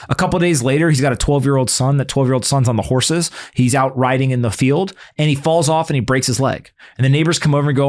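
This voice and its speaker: A man who wrote a book, chatting casually about it, talking in a direct, to-the-point way and joking around with animated stories. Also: mid-range voice, fast. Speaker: book author. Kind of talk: casual chat.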